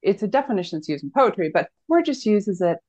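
A woman's voice: mid-range voice, very animated, a little fast, a little mellow, low-quality recording. A woman counselor speaking as a podcast guest, explaining in an earnest, teacherly way and often asking rhetorical questions.

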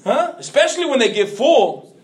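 A man preaching to his church, his voice unusually high and carried through an echoey hall. The mic sits some way off from him. He calls to the congregation and rises to shouts. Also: sing-song, normal speed, far from the mic. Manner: call-and-response preaching, rising to shouts. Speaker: pastor. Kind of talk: sermon. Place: church sanctuary.

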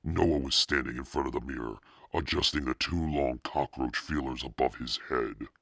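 A man voicing Satan as a demonic podcast narrator, reading a spooky children's story in a slow, menacing drawl with a husky, gravelly voice. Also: pushed and bright, no room sound, clean studio sound, full character voice. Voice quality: extremely deep, gravelly and husky. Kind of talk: scripted narration.

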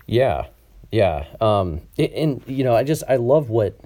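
A man's voice: medium pitch, very animated, measured pace, dark tone. A man hosting a casual podcast over an online call, talking with a slightly nasal tone and lots of ums and restarts. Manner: chatty, many ums and restarts. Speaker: podcast host. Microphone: over Skype.

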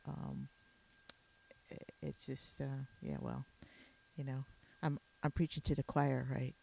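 A woman's voice: extremely low pitch, animated, a little slow, creaky, dark tone. A woman hosting a podcast interview, chatty and casual, with many fillers and restarts. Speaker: podcast host.

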